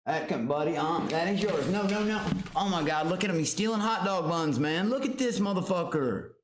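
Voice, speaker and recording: Brief: male streamer, raised pitch, rowdy, profane banter, roomy echo. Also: fairly quick. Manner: loud, excitable, swearing, talks to his pet monkey and chat. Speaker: livestream host. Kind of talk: casual livestream chat. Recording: roomy echo, faint background noise.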